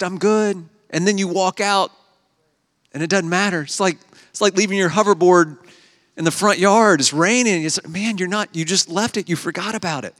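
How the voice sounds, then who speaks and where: A man's voice: high-pitched, a bit bright. A young adult man preaching a conversational sermon as pastor, telling stories and acting out quotes. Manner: conversational, storytelling with acted quotes. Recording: long hall reverb.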